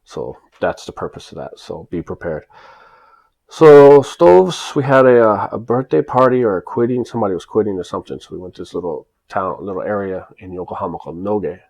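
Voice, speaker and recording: A man's voice: fairly low pitch, lively intonation, fairly quick, vocal fry, darkish tone. An American man telling a personal story in a casual, emphatic way, full of restarts. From United States. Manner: emphatic, rambling with many restarts. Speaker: vlogger recounting his life in Japan.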